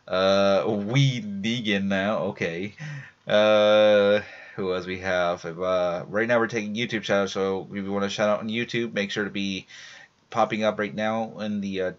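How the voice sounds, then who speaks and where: A tired man hosting a live stream, reading out casual shout-outs with lots of fillers and restarts. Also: lowish voice. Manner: rambling, many fillers and restarts. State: tired after a long workday. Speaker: live-stream show host. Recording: dull lo-fi home stream audio.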